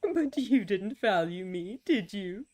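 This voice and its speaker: A woman's voice: medium pitch, lively intonation, slow pace, background noise. A woman reading aloud the lines of a mocking, theatrical star-like being in a video game, with a dramatic, taunting delivery. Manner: dramatic, taunting, mock-wounded.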